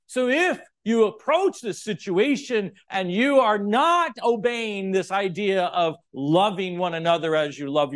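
A middle-aged pastor with a high voice preaches a sermon, shifting between loud, emphatic points and quiet, chatty asides to the congregation.

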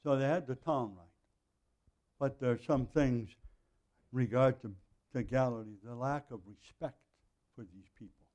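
A middle-aged man works through a Bible passage verse by verse, keeping it conversational with frequent throat clearing and asides. His mid-range voice is a little mellow, and he speaks at normal speed, pausing often.

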